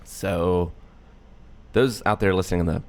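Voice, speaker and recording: A man hosting a casual podcast about tabletop role-playing, relaxed and jokey, thinking aloud. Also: deep voice, measured pace. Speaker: podcast host.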